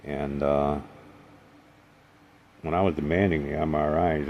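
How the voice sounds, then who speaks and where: A man's voice: very deep voice, flat delivery, unhurried, pauses often, a little mellow, a little hiss or hum. A man telling a personal story in a casual monologue, rambling and digressive, with a sardonic sense of humor. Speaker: vlogger.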